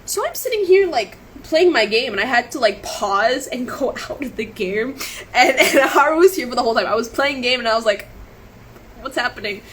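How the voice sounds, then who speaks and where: Her voice is a little high and animated, fairly bright in tone, at a moderate pace. She is an emotional, upset woman on a live stream, rambling as she recounts events and repeatedly restarting herself, heard through a webcam or phone. The recording is rough, with slight background noise.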